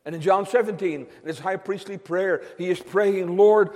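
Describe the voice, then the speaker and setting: A man preaching a sermon to his congregation, slow and emphatic, drawing out phrases and dropping suddenly quiet. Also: high-pitched. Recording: long hall reverb.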